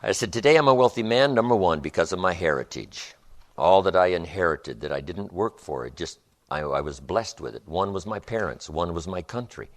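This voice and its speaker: A lower-pitched man lecturing at a live seminar, with a voice that swoops up and down as he stresses points. He drives ideas home through rhythmic repetition and weaves in fables as a motivational speaker. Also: lively intonation, moderate pace. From United States. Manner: emphatic, rhythmic repetitions, storytelling.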